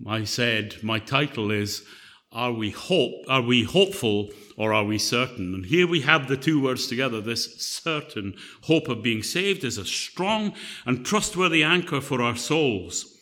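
A man's voice: mid-range voice, expressive, measured pace, bright, forceful tone. A man preaching a sermon in a conversational, joking storytelling manner.

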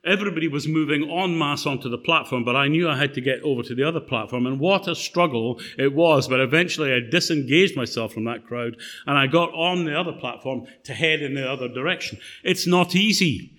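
A man's voice: fairly high pitch, fairly quick, hardly any pauses, a bit bright. A middle-aged man preaching a sermon in a conversational way, telling a personal story with fillers and restarts.

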